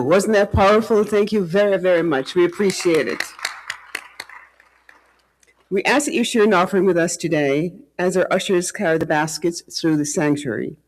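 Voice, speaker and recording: Guy running the church service, high voice, upbeat, giving announcements. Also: low-quality recording. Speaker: service leader. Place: church sanctuary.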